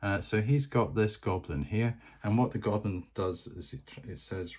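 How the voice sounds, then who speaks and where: A man's voice: fairly low pitch, normal speed, hardly any pauses, very noisy. A man narrating a solo board game, chatty and thinking aloud as he plays.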